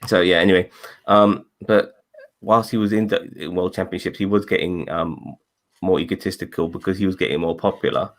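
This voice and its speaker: A man with a fairly low voice hosts a loose online chat. He rambles, swears freely and stops to correct himself mid-sentence. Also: steady tone, brisk. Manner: rambling, profane, self-correcting. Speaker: podcast host. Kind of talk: casual group review chat. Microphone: video call.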